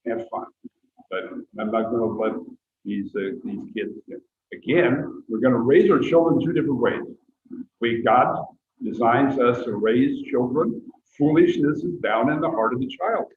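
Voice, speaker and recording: A man's voice: mid-range voice, measured pace, a little hiss or hum. Older man teaching a Bible class. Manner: rambling, earnest, many fillers. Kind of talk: sermon-like class talk and prayer. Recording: tinny echoey room recording.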